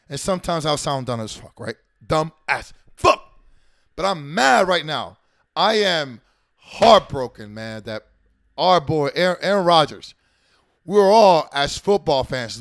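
A man's voice: on the high side, no echo, studio quality. A man hosting his show, talking in an emphatic, rambling way full of swearing and restarted sentences. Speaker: show host. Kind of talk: profane rambling commentary.

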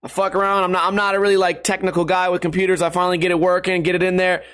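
A young man talks from home on his stream, loose and profane, wandering from story to story and cracking himself up. His voice sits high for a man, and the delivery stays casual and crude throughout. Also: level tone, racing, hardly any pauses, a bit bright. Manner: crude, rambling, laughs at own stories.

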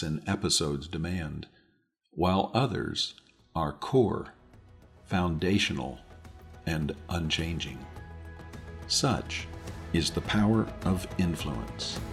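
A middle-aged man hosting a podcast, giving a scripted, reflective monologue in a measured, deliberate way. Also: low-pitched. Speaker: podcast host.

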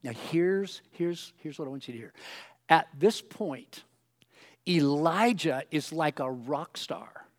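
A man's voice: fairly high pitch, takes it slowly. Chatty, joking male preacher. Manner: casual, joking storytelling full of "you know" asides. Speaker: pastor. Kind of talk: sermon.

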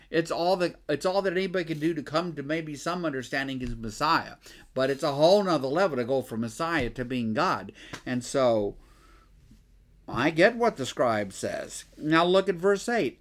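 A man preaching a sermon, thinking aloud, with rhetorical questions and frequent restarts. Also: medium pitch. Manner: acts out the scribes' objections.

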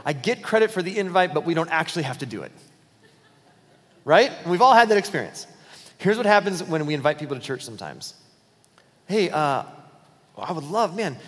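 A man's voice: fairly high pitch, big-room sound. A man preaching a sermon as pastor, in a conversational way, acting out short everyday dialogues. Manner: conversational, acts out quick dialogues in his talk. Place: church auditorium.

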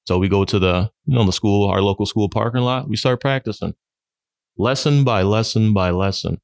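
Lively low-voiced man telling stories. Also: moderate pace, vocal fry, dry recording. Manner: lively, laughs often, acts out friends' lines. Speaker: guest. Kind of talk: storytelling in a podcast interview.

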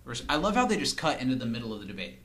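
A man's voice: medium pitch, very animated, racing, fairly bright tone. A man co-hosting a casual podcast, recapping scenes, quoting lines and laughing often. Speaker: podcast co-host. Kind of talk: casual rewatch chat.

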